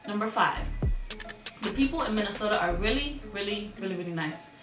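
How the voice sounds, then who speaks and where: A woman's voice: mid-range voice, expressive, fairly quick. Young female vlogger from Miami, jokey, repeats words for emphasis; slightly distant mic with a roomy echo. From Miami, United States. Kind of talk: casual vlog talk to camera. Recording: roomy echo, a bit off mic, music behind.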